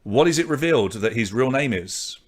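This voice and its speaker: A man hosts an online pub quiz in a mid-range voice. He talks briskly and chattily as he reads out questions, answer choices and the scores. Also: mid-range voice, animated. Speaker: quiz host.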